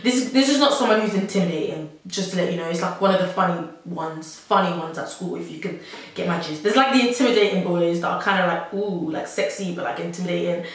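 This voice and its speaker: A woman's voice: lowish voice, quick pace. Rambling young woman, very echoey. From South London. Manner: chatty and rambling, heavy use of "like", with nervous laughs. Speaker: vlogger. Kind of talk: personal storytelling to camera. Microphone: camera mic. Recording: very echoey room.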